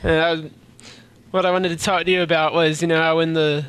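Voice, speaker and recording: A man in the audience asking a question at a convention panel, hesitant and halting. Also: a little high, little pitch movement, a bit bright. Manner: hesitant, halting, many false starts.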